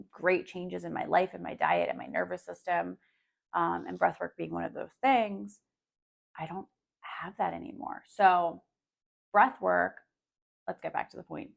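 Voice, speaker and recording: A woman's voice: on the low side, gravelly. A woman hosting her own podcast, talking casually and candidly straight to her listeners, swearing freely and filling her talk with "like" and "um". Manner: coaching, speaks directly to listeners. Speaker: podcast host. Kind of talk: casual solo podcast monologue.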